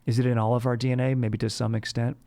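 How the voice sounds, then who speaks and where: A man's voice: mid-range voice, flat delivery, quick pace, warm tone. A young man hosting a comedy podcast, rambling in surfer-bro slang that is full of "dude" and restarts. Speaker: podcast host. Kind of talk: comedic bro-character monologue.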